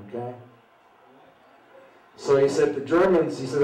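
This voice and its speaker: Older male veteran, mid-pitched voice, talking off the cuff at an open mic with lots of "you know"s, heard from across a roomy space. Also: warm tone. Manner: conversational, halting, with frequent "you know" tags. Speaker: veteran speaker. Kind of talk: personal storytelling at an open mic. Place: open mic at a small venue. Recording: roomy sound from a distant mic.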